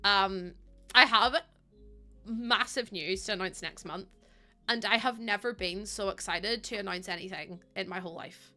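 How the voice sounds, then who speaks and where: A woman streamer chatting casually with her live chat, excitable and talkative, laughing often. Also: mid-range voice, normal speed, soft background music.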